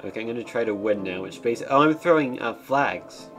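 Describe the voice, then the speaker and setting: A man streaming a game, giving casual commentary with wry, deadpan asides as he reads the game's text aloud. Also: medium pitch, a little fast, soft background music.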